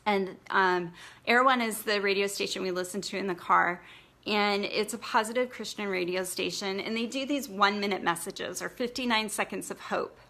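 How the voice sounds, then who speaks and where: A woman's voice: medium pitch, normal speed, sharp tone. A woman blogging coach giving a casual, encouraging live training, chatty and full of fillers.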